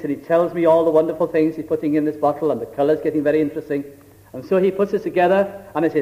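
A middle-aged man preaching a sermon slowly and deliberately, acting out little scenes to illustrate his point. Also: fairly high pitch. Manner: slow, deliberate, with acted illustrations. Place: church. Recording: dull old recording in a hall with long reverb.

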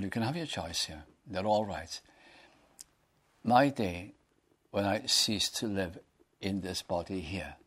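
A man preaching a sermon, reading scripture aloud and putting earnest questions to his listeners. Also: on the low side.

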